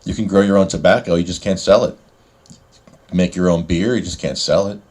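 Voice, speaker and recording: A man with a low voice hosts a casual podcast chat. He rants and gets sarcastic about what annoys him. His talk is loose and unscripted. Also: brisk, a little mellow. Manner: ranting, sarcastic. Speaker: podcast host. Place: New Jersey.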